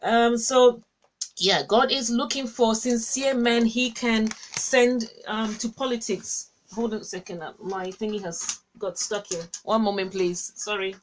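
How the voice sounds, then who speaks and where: A woman with a high voice and fairly even intonation hosts a casual Christian livestream, speaking a little slowly over slight background noise. Warm and chatty, she reads viewer comments aloud, laughs often and repeats herself. She's recorded on a cabled webcam or phone.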